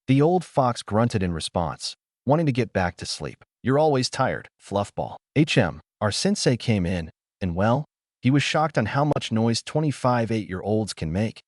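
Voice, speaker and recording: Low, lively man narrating fan fiction. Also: no echo, studio quality. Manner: reads every character in his own voice.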